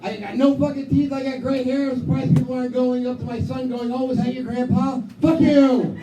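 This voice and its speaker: A man in his thirties doing a crude, self-mocking stand-up set with heavy swearing, often breaking into loud acted-out quotes of himself. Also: very high-pitched, steady tone, fairly quick. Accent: New England. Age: 30s. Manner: acts out his own voice in loud quoted asides. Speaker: stand-up comic. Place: small comedy club stage. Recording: roomy club sound from a distance. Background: live music and crowd.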